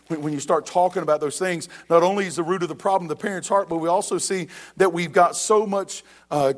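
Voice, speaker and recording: A middle-aged pastor with a high voice preaches a sermon to his church. He grows loud and emphatic as he repeats his questions.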